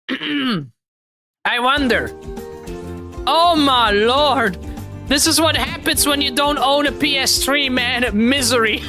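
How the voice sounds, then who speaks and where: A high-pitched woman streamer talks in a slow, drawn-out way while she jokes loudly over a party game. Music plays clearly behind her voice. She laughs often and swears freely. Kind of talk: live game stream commentary.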